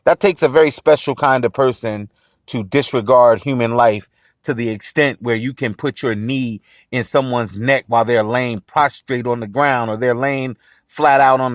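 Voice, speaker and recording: A man's voice: mid-range voice, steady tone, unhurried, dry recording, clean studio sound. A man hosting a podcast in impassioned solo commentary, outraged and emphatic, repeating phrases for force. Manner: outraged, voice rising and pressing. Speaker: podcast host.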